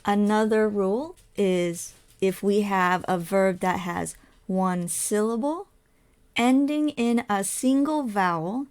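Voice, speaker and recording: Woman ESL teacher, very slow measured delivery, mid pitch, step-by-step explainer. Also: a little mellow, clean tone. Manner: spells out letters, asks and answers her own questions.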